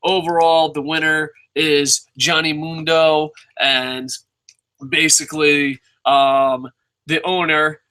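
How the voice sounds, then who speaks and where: A young man from New Jersey giving a rambling, excitable wrestling review, swearing constantly and poking fun at himself. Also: a little high, takes it slowly, clean tone. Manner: excitable, rambling, heavy swearing, self-mocking. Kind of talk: casual profane review rant.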